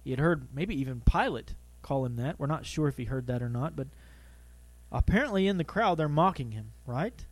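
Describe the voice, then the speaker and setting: A man preaching a sermon with lively energy, asking his listeners questions and acting out the people he quotes. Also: medium pitch, moderate pace, no room sound. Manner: animated, asks the audience questions, acts out quoted voices. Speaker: pastor.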